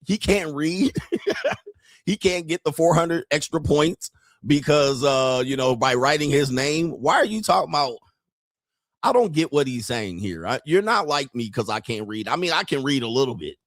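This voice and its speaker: Mocking animated male streamer. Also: a little high, normal speed, no echo, studio quality. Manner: mocking, animated, laughs often. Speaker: streamer reacting to clips. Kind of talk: casual reaction commentary.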